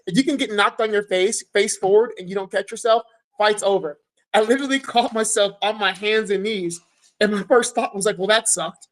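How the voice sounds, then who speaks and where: On a casual podcast, a guest fighter recounts a fight in a high, fairly quick voice over poor audio. He tells it with animation, swears a lot, and acts out his own quotes.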